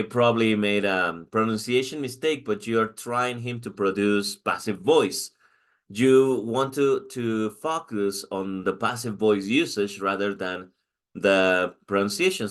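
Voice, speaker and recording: A man's voice: on the low side, fairly bright tone. A man with a Mexican accent and Spanish as his first language, explaining a lesson as a teacher, with frequent restarts and "okay?" check-ins. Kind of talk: recorded lecture.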